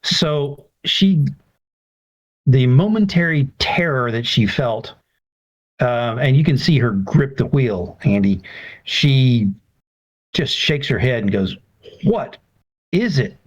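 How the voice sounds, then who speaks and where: A man running a tabletop game as game master, relaxed and encouraging with his players. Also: mid-range voice, slow, pauses often. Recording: dull lo-fi recording.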